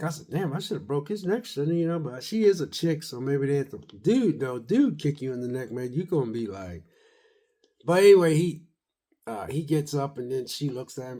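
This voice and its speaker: A man casually retelling a horror movie's scenes in a rambling, animated way, full of slang and quotes of what he said to himself while watching. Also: mid-range voice, brisk. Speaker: movie reviewer.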